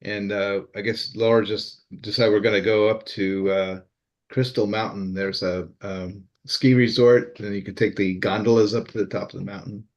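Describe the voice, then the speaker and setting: A man's voice: lowish voice, steady tone, moderate pace, a little mellow. An older man from California in a casual group chat, talking in a chatty way, repeating words and telling jokes. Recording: dull lo-fi sound.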